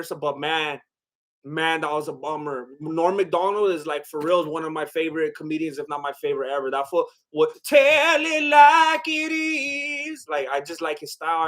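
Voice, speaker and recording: High-voiced man rambling on a stream. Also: fairly bright tone. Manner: rambling and joking, with lots of "like" and restarts; loose, chatty, breaks into bits of song. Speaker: live-stream host reacting to chat. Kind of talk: casual live-stream chat.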